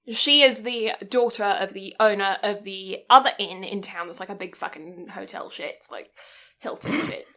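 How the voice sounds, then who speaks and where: A woman's voice: medium pitch, moderate pace, a bit bright. A British woman co-hosting an anime podcast, chatting casually, giggly, sweary and rambling. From Britain. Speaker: podcast co-host. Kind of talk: casual chat.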